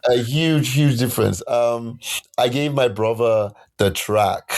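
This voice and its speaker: A man, a musician and poet, telling stories in a casual interview, animated and acting out quotes in other voices. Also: medium pitch, slow. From United Kingdom. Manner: animated, laughing, acts out quotes in shifting voices.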